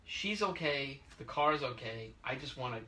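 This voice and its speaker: A man telling a story in casual podcast chat, animated and acting out the people in it. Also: mid-range voice, normal speed, distant mic, slight background noise. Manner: animated, acts out quoted voices. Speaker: podcast host. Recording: echoey room, away from the mic.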